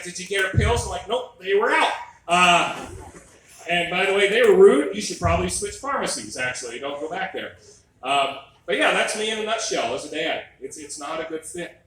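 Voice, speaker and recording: High, bright-voiced comedian in echoey room. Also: male voice, slight background noise. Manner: wry, exasperated storytelling with mock quotes. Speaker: stand-up comedian. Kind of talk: stand-up comedy set. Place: comedy club stage. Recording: echoey room recorded from a distance.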